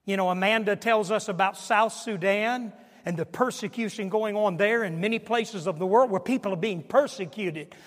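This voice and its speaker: A pastor in his sixties preaching a sermon, swinging from hushed asides to shouted emphasis. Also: high voice. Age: 60s. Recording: long hall reverb.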